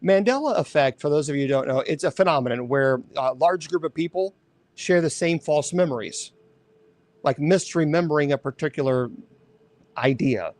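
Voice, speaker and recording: A man hosting a show, chatting casually in a rambling, animated way, often correcting himself. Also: fairly high pitch, normal speed, no echo. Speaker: host. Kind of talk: casual chat.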